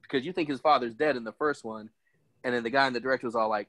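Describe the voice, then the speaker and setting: A man co-hosting a podcast, chatting casually with friends, quick to laugh and slip into funny voices. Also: medium pitch, fairly bright tone, dry recording, poor audio. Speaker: podcast co-host. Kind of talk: casual chat.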